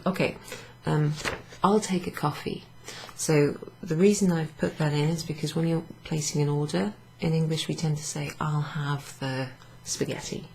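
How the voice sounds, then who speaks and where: A woman's voice: deep voice, steady tone, moderate pace, vocal fry, hardly any pauses, a little mellow, a little hiss or hum, rough recording. A tired woman teaching a casual language lesson, explaining patiently while writing examples on a board. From Wales.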